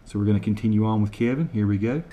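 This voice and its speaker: American man, slow word-by-word repeating. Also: on the low side, mellow, slight background noise. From United States. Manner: slowly repeats lines word by word and spells words out. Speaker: video host. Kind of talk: casual comedic talk to camera.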